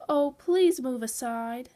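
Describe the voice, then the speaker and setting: An eager little girl in a red hood, as a woman reading aloud puts her on. The lines come slow and sing-song in a raised voice, the way a picture book is read to children. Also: high voice, dark tone.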